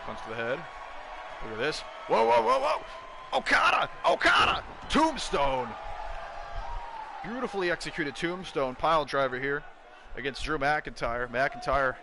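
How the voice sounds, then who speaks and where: Brief: male play-by-play caller for a wrestling video game, mid pitch, gets loud and excited, clear background noise. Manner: excitable, bursts into shouts at big moves.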